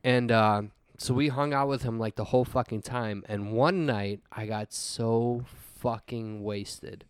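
American guy in his 30s on a podcast, swears a ton, laughs at his own story, mid pitch. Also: a little slow, clean tone, dry recording. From United States. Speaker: podcast co-host. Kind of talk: casual storytelling.

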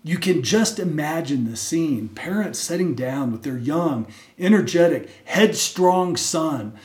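A man's voice: a little high, lively intonation, measured pace, darkish tone, roomy sound. A male pastor preaching a sermon, emphatic, often adding "right?" as he explains the text. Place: church sanctuary.

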